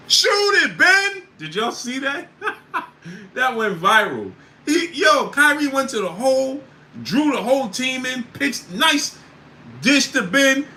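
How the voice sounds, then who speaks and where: Male stream host, bright and animated, prone to loud bursts of disbelief. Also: high-pitched, a little hiss or hum, low-quality recording. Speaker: sports livestream host. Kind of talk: casual livestream chat.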